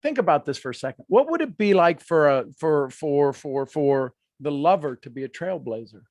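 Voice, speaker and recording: High-voiced animated man coaching live. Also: moderate pace, no echo, clean studio sound. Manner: animated, acts out quoted voices, laughs often. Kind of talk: live workshop teaching.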